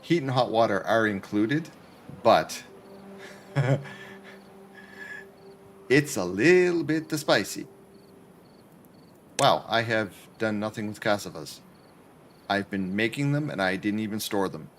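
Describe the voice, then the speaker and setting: A man's voice: fairly low pitch, expressive, normal speed, a little hiss or hum. A man chatting casually with his viewers, joking while he plays a game from his apartment. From Canada. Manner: chatty, joking, talks to chat while playing. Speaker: streamer. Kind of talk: casual gaming livestream commentary.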